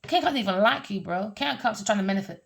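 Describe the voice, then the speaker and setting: A woman's voice: medium pitch, animated, very fast, vocal fry. A woman giving a heated, repetitive tarot reading rant, cursing and scolding. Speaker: tarot reader.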